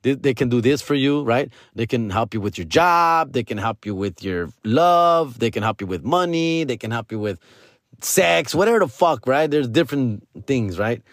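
A man, hosting a podcast and telling a story in a casual, animated way, full of slang and swearing and dropping into Spanish. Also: medium pitch, normal speed, no room sound, studio quality. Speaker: podcast host.

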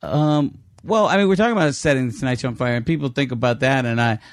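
A man's voice: mid-range voice, fast talker, dry recording, clean studio sound. A man in his fifties, a guest comedian, telling candid stories in casual conversation with self-mocking laughs.

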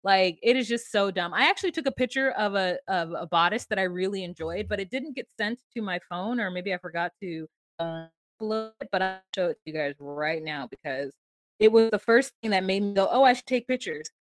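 A woman's voice: mid-range voice, brisk, no echo, studio quality. A woman co-hosting a podcast, casually recapping a reality show with sarcastic, profane commentary and acted-out quotes. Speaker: podcast co-host.

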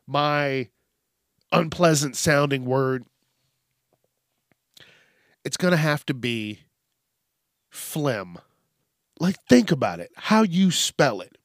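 A man's voice: a little high, dry recording, clean studio sound. A man hosting a solo podcast, joking and cursing often as he talks through listener questions. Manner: profane, joking, laughs often. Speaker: podcast host.

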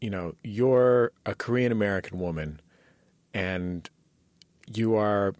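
Low-voiced male interviewer, measured. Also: a little mellow, dry recording. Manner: measured, hesitant phrasing with ums. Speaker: interviewer, host. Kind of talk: interview questions.

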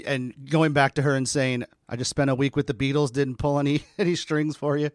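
A man's voice: medium pitch, flat delivery, brisk. A man hosting an interview podcast, reacting with enthusiasm and reading his own plug. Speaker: podcast host. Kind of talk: casual conversational interview.

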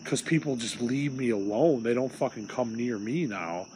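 A man's voice: mid-range voice, normal speed, noisy background. A young man from Illinois hosting a solo podcast, venting in a rambling, profane, agitated way. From Illinois, USA. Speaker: podcast host.

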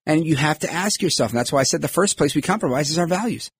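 A man's voice: fairly high pitch, lively intonation, quick pace, slight background noise. A man hosting a podcast, giving emphatic political commentary and acting out quoted voices. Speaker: podcast host.

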